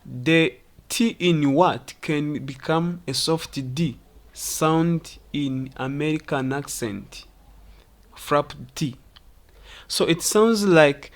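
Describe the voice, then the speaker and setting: A teacher from Rwanda giving a pronunciation lesson, repeating words slowly to demonstrate them. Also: mid-range voice. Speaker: English teacher.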